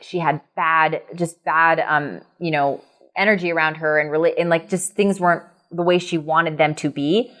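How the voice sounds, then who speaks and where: A woman hosting a podcast as a coach, talking in a casual, animated way with frequent laughs and restarts. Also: deep voice. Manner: animated and chatty, laughs often, many restarts. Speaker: podcast host and business coach. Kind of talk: casual conversation.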